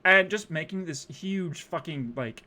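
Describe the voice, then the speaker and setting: A man's voice: a little high, a little slow, pushed and bright. A young man streaming, rambling through casual profane commentary on a music video with lots of fillers.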